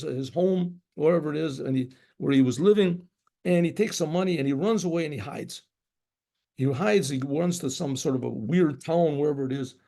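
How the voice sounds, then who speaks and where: A man's voice: fairly high pitch, creaky, dark tone. A man, a rabbi, telling a story in a rambling, conversational way and acting out the sounds in it. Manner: rambling, conversational, acts out shofar blasts. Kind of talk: spoken storytelling.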